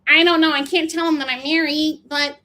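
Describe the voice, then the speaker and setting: A woman's voice: sits high, steady tone, sharp tone, pitched above the performer's own voice. A woman mimicking a tearful, stammering woman. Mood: worried. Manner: halting, stammering. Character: anxious middle-aged woman, tearful and unsure.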